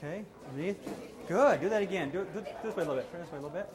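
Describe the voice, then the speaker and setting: A man's voice: high voice, animated, rapid-fire, noisy background. A male self-defense instructor coaching a hands-on class with short, repeated commands.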